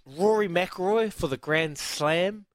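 A man's voice: sits high, slow pace, no room sound. A man hosting a breakfast sports radio show, chatty and laughing often, repeating himself as he talks. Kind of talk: casual radio banter.

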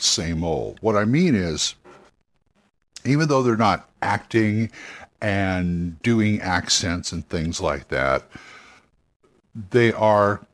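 Rambling man with a low voice. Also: a bit bright. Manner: rambling, self-correcting, encouraging. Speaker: podcast host giving roleplaying game advice. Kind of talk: casual spoken monologue.

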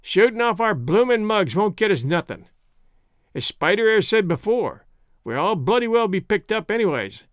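A man doing a gruff sailor. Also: high-pitched, very animated, moderate pace, dry recording, clean studio sound. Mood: grumbling. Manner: gruff, slangy. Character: rough working-class male sailor, plainspoken.

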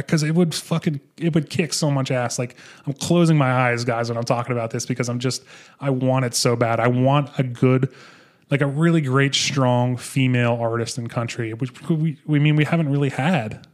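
A young man hosting a podcast, chatting casually and excitedly about an album, swearing and restarting his sentences. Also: mid-range voice. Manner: excitable, profane, rambling with restarts. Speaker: podcast host. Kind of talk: casual music review chat.

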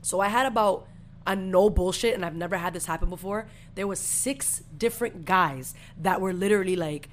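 A woman's voice: medium pitch, fairly quick, a little hiss or hum. A young woman in her twenties, co-hosting a podcast, telling a story in casual, profane slang. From Puerto Rican family. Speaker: podcast co-host.

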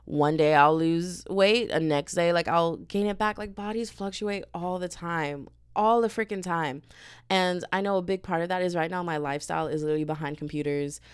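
A young woman hosting a podcast, chatting in an animated, candid way and calling her listeners girl and y'all. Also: on the low side, normal speed, clean tone. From family from Dominica, lives in Houston. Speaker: podcast host. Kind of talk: casual personal chat.

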